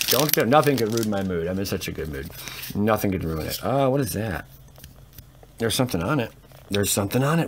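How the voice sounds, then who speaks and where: A man giving casual, excitable commentary while opening card packs, grumbling and swearing to himself. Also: on the low side, moderate pace, background noise.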